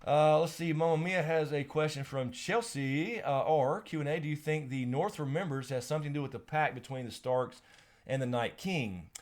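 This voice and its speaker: A man's voice: on the high side, moderate pace. A young man hosting a live stream Q&A, chatting casually, rambling, laughing often and swearing.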